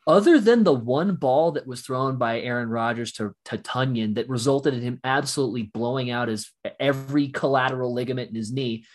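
A man co-hosting a casual sports talk show, telling an emotional fan story with animated bursts, his voice still recovering from shouting. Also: medium pitch, brisk, few pauses. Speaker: podcast co-host.

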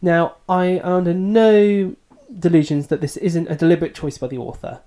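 Mellow-voiced man discussing a book. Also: a little high, moderate pace. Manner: thoughtful, hedging, self-deprecating. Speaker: podcast co-host.

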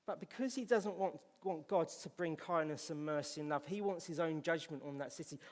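A man with a Scottish accent preaching a sermon in church, reading scripture aloud and swinging from loud to hushed. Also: on the high side, fairly quick, big-room sound. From Scotland.

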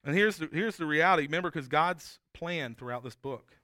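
A man's voice: on the high side, a little fast, bright, forceful tone, dry recording, clean studio sound. A man preaching a sermon as pastor, talking in an earnest, conversational way with frequent restarts and tag questions.

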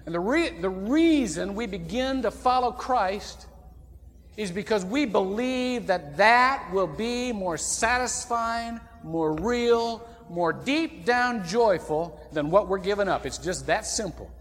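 A man from Indiana preaching a sermon as pastor, folksy and animated, with sudden loud outbursts. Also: sits high, takes it slowly. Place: church sanctuary. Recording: long church reverb.

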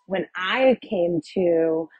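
A woman shares her personal testimony in a husky, low-pitched voice. She tells it vividly, with many "like" and "um" fillers. The recording is slightly dull, with a dry close sound. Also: extremely slow, darkish tone, no room sound. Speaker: guest sharing her testimony.

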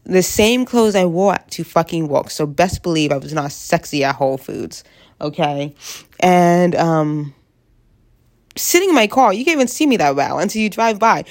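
Young woman, early 20s, congested, low-pitched, animated unfiltered vlog rant. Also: normal speed. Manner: animated, blunt, swears freely, rambling. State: stuffy head cold, sniffling.

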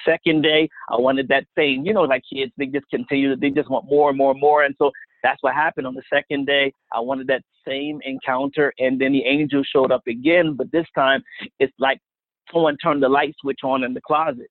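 A guest minister shares his personal faith testimony over a dry, phone-line-sounding recording. His medium-pitched voice is level and fairly quick, and he tells the story earnestly, often repeating words.

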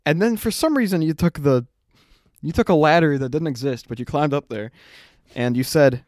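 A man's voice: fairly high pitch, normal speed, darkish tone, no room sound, clean studio sound. A young man co-hosting a podcast who tells a story in a casual, rambling way. He acts out the quotes and laughs often. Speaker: podcast co-host.

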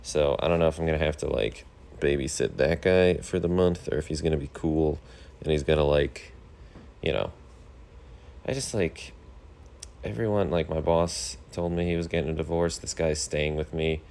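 Very deep gravelly man rambling. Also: normal speed. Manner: rambling, deadpan complaining with many fillers. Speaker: podcast host. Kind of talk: casual monologue.

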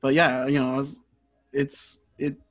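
A young man who raps, co-hosting a casual podcast and talking haltingly, full of fillers and restarts. His voice has a medium pitch. The sound is dry and close, with no reverb. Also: flat delivery. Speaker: podcast co-host and rapper. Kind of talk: casual chat.

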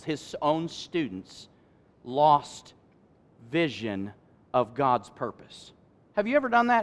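Delivering a sermon, this pastor jokes with the people in the pews and alternates between booming emphasis and hushed asides, his voice on the high side.

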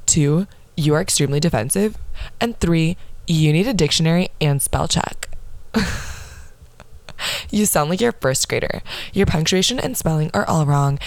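A woman's voice: sits low, lively intonation, moderate pace, long pauses, no echo. A young woman hosting a casual podcast, reading old posts aloud in a sassy, profane manner and laughing at her past self. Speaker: podcast host.

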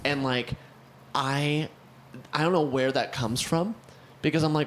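A man's voice: fairly high pitch, measured pace, slight background noise. A young man co-hosting a podcast, telling a story in a casual chat and acting out the people in it. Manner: animated storyteller, acts out the people in his stories. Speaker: podcast co-host.

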